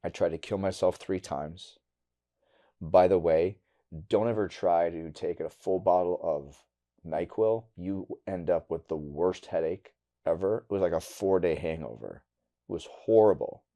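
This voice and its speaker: A middle-aged man from Wisconsin, a podcast guest telling a personal story candidly and bluntly, going quiet and halting on hard memories. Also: sits low. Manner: candid and blunt, with casual swearing.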